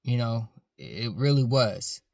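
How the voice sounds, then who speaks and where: A man's voice: medium pitch, very animated, takes it slowly, gravelly, no echo, clean studio sound. Earnest man rambling through a story. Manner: earnest, rambling with many "like" fillers. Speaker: security supervisor telling his dreams. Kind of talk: casual storytelling to camera.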